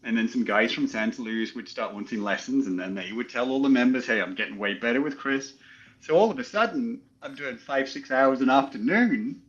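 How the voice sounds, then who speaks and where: A man's voice: medium pitch, brisk, dull audio. A man raised in England, a golf coach, telling stories in a casual interview and laughing as he goes.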